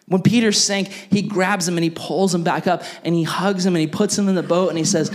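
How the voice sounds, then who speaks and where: A young adult man preaching a sermon as pastor, animated and acting out the voices he quotes. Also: sits high, a little fast.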